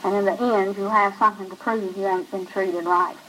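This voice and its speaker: Cold, brooding outlaw with a flat rural drawl, read by a woman, matter-of-fact about killing. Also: medium pitch, brisk, a little hiss or hum, natural voice, low-quality recording. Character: cold, brooding male outlaw who kills calmly.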